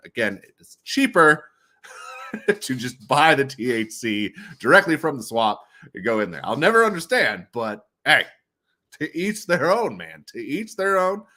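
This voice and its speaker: A man hosting a casual livestream, rambling, laughing often, swearing and breaking into loud high bursts. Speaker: livestream host.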